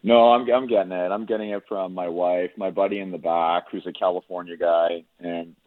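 A man's voice: low voice, fairly even intonation, normal speed, a little hiss or hum. Laid-back Canadian man on a tinny phone line. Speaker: guest analyst. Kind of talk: casual storytelling over the phone.

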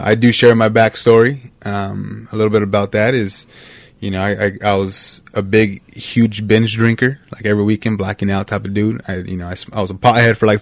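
A man's voice: on the low side, vocal fry, dry recording. A man talking as a podcast guest in a casual, upbeat chat, often calling the host "bro" and "man". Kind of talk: casual conversational interview.

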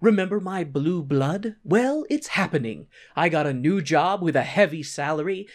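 A man voices a scheming young man who sounds quietly pleased with himself. The voice stays near his own and stays lively and sly. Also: fairly high pitch, normal speed, close to an everyday voice. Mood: self-satisfied. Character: scheming poor young man of noble blood.

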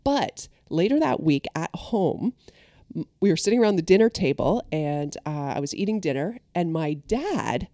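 A woman's voice: on the low side, normal speed, dry recording. A woman in casual conversation, animatedly telling a childhood story and acting out what people said. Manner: animated storyteller, acts out quotes.

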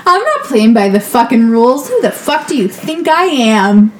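A woman's voice: a little high, very animated, normal speed, slight background noise. Giggly, crude young woman. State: tipsy. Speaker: podcast co-host. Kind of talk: drunken casual chat.

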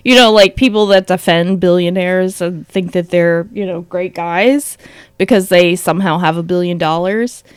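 A woman's voice: lowish voice, moderate pace, clean tone, dry recording, clean studio sound. A woman co-hosting a podcast, chatting casually, often laughing and swearing with sarcasm. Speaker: podcast co-host. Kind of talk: casual chat.

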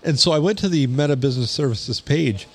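A man's voice: fairly high pitch, brisk. A man co-hosting a podcast in casual chat, telling stories in a rambling way with frequent restarts. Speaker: podcast co-host.

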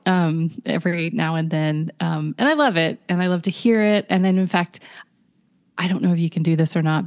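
A middle-aged woman from North Carolina, chatting as a podcast guest with lots of "like" and "you know" and soft laughs. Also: low voice. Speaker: podcast guest, brand story consultant. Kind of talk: casual conversational interview.

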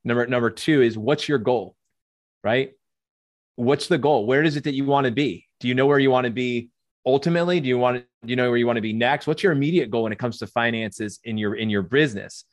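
A man's voice: mid-range voice, fairly quick, dry recording, studio quality. Emphatic man on a podcast. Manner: emphatic, repeats words as he builds a point. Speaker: podcast co-host coaching chiropractors. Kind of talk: casual podcast conversation.

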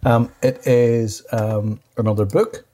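A man's voice: mid-range voice, fairly even intonation, takes it slowly, dark tone. A man co-hosting a podcast, chatting casually, rambling and restarting his sentences. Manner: rambling, distracted, restarts a lot. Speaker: podcast co-host. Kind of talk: casual chat.

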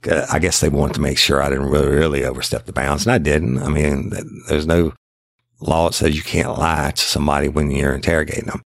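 A man's voice: a bass voice, level tone, brisk, dry recording. A middle-aged man, telling a past police case in a blunt, profane, casual podcast style and acting out the interrogation himself. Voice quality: gravelly, repetitive restarts. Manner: blunt, profane, acts out both sides of an interrogation. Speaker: retired detective telling a case.

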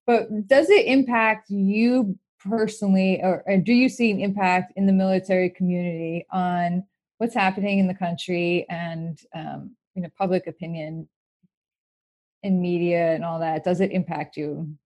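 Breathy lady host, lively and pushy with her questions. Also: fairly low pitch, normal speed. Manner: probing, animated questioning. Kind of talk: interview conversation.

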